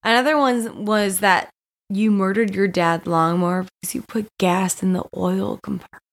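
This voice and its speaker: A woman's voice: medium pitch, steady tone, moderate pace, vocal fry. A young woman, a bit drunk, interviewing her friend in a casual, bubbly chat and reading out questions. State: tipsy. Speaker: guest interviewer.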